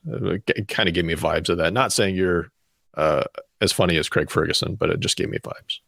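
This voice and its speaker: Low-voiced, teasing co-host, man. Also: brisk, gravelly, fairly bright tone, no room sound, clean studio sound. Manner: teasing, playful. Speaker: podcast co-host. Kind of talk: casual chat.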